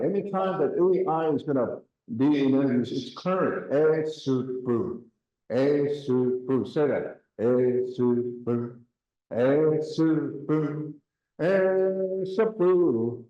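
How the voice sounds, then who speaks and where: Slow-spoken man teaching in an echoey room. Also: medium pitch, darkish tone. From Canada. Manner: slow, drills words and has the class repeat them. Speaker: language teacher. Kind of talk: classroom language lesson.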